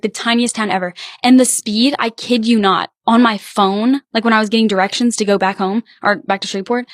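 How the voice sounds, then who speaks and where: Young woman telling lively stories. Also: mid-range voice, no room sound, clean studio sound. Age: young adult. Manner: animated storytelling, acts out quoted voices. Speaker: podcast co-host. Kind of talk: casual podcast chat.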